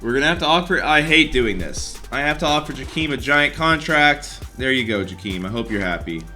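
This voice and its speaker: A young man commentating over a basketball video game as a gaming YouTuber, excitable and quick to get frustrated. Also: mid-range voice, faint music behind. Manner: excitable, swings between hype and frustration.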